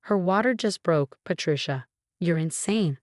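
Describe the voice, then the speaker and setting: A protective friend who talks fast and sharp in a crisis, as a woman narrator puts her on. Heard close and dry, in a storybook reading. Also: on the low side, animated, no echo. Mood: urgent. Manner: urgent, sharp.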